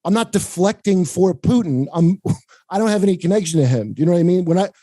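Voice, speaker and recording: Rambling, profane podcast host with a higher-set, dark voice. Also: male voice, animated, fast talker, no echo. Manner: profane, rambling, laughs often; mimics people in higher voices. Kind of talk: casual chat.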